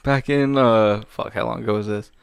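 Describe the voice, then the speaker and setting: A man's voice: fairly low pitch, fairly even intonation, moderate pace, vocal fry, smooth, no echo. A man in his thirties, a podcast co-host telling a crude story in a brash, profane way. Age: 30s. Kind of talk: casual chat, crude storytelling.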